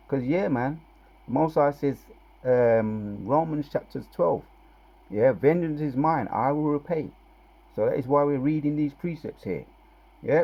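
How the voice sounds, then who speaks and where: A man giving an informal scripture teaching. He reads verses slowly with loud, drawn-out stress and talks casually between them, often asking "right?" and "yeah?". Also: mid-range voice, lively intonation, husky. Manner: conversational, with tag questions and fillers between verses. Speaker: bible teacher.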